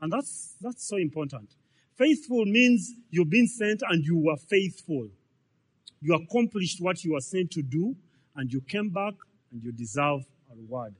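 A man's voice: on the high side, expressive, measured pace, husky. A man, preaching a sermon in a conversational way, full of repetitions and rhetorical questions. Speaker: pastor.

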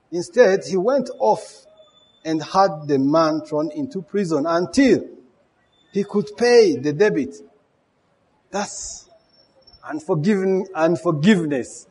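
A man's voice: a little high, darkish tone, slightly rough. A man preaching a sermon, emphatic, with rhetorical questions and repeated key words.

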